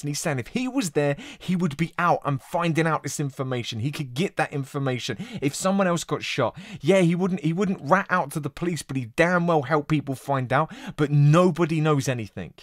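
Man, high voice, swearing reaction host in a dry, close room. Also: brisk, hardly any pauses, dry recording. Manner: blunt, profane, emphatic. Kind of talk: reaction commentary.

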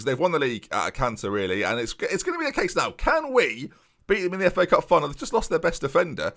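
A young man chatting casually to his viewers while playing a football management game, breaking into excited match commentary. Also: mid-range voice. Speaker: gaming YouTuber.

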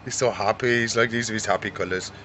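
A man hosting a casual vlog from his reptile shop, chatting and gently coaxing the animals. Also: on the low side, fairly even intonation, quick pace, a little hiss or hum, rough recording. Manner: chatty, coaxes the animals in a soft, doting voice.

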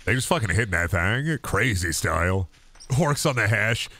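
A man's voice: lowish voice, animated, moderate pace, sharp tone. A man streaming a game, rambling and joking with heavy swearing. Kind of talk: casual stream commentary.

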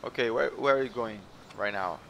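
A man from Brazil with a Brazilian accent, a gamer joking his way through gameplay commentary with playful teasing and sudden excited yelps. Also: medium pitch, normal speed, gravelly, a little hiss or hum. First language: Portuguese. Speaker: gamer hosting a let's play channel.

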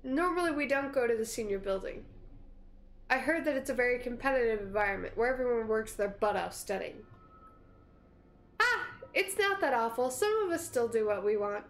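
A woman's voice: on the high side, brisk. A woman gaming streamer reading game dialogue aloud with playful giggles.

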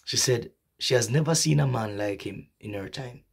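A man preaching a sermon slowly and emphatically, repeating phrases, with a husky voice and an occasional cough. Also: mid-range voice. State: coughing, clearing throat.

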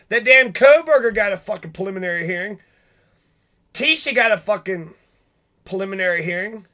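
High, bright-voiced man ranting angrily. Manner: profane, ranting, sarcastic. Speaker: vlogger. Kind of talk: angry rambling monologue.

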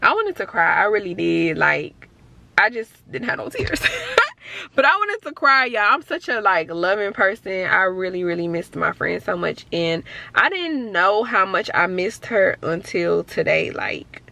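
A woman's voice: medium pitch, big pitch swings, unhurried, vocal fry, bright, forceful tone. Young woman from the bronx vlogging, super chatty, keeps saying y'all, voice jumps all over. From Bronx, New York City. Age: 20s. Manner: chatty, talks straight to viewers with lots of "y'all". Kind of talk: casual vlog narration. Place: store, then car and home at night.

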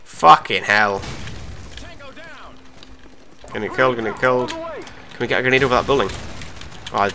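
A young man giving live commentary over his own gameplay, swearing and mocking himself between sudden excited outbursts. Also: medium pitch, quick pace, gravelly. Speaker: gaming commentator.

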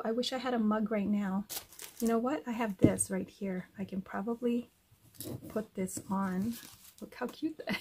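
Gushing slow-talking craft vlogger woman. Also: fairly high pitch, background noise. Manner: gushing, says "cute" and "oh my gosh" constantly. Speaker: craft vlogger unboxing happy mail. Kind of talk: casual unboxing chat to camera.

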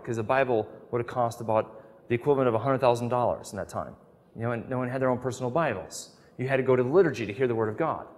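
A man lecturing on scripture with earnest storytelling, his voice sitting at an everyday middle pitch. He swings between emphatic stress and quiet, hushed phrases. A long hall reverb trails behind every sentence. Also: a little hiss or hum.

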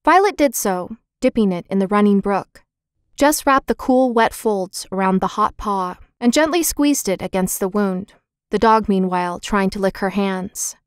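A woman reads a children's book aloud, clear and expressive, at an even middle pitch. The recording is dry and close, with no room sound. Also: moderate pace, no echo. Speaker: audiobook narrator. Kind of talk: scripted narration of a children's book.

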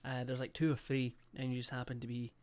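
A man's voice: medium pitch, monotone, fast, a little mellow. A young man livestreaming a game, chatting casually, swearing a lot and reading out chat and subscriber messages. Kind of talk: casual live-stream chat.

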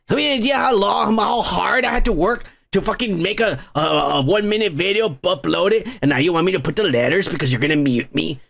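Cranky podcast guy ranting and swearing nonstop, kinda high voice with lots of gravel in it. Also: fairly bright tone. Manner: grumbling, irritable, cursing constantly. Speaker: podcast host. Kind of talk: profane ranting monologue.

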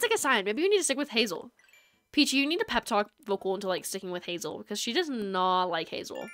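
A woman's voice: mid-range voice, fairly bright tone. A woman streamer chatting casually with her viewers while playing a game, rambling and talkative. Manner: rambling, chatty, talks to chat. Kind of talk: casual live-stream chat while gaming.

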